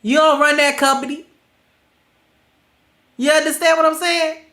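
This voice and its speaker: A woman with a stuffy, congested voice gives blunt, preachy livestream commentary in a loose, colloquial way. Her voice sits high, and the recording has a noticeable roomy echo. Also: little pitch movement, unhurried, fairly bright tone. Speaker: livestream host.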